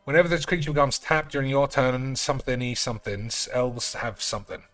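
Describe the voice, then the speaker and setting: A man's voice: medium pitch, a little fast, a bit bright, faint music behind. A man chatting casually and swearing freely while streaming a card game. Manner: rambling, sweary, offhand. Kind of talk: casual live-stream chat while gaming.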